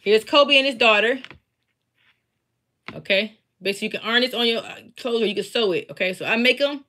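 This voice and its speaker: Woman, friendly craft-seller host talking straight to camera, casual live chat, bright tone. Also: on the high side, fairly quick. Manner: chatty, talks straight to viewers. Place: home basement.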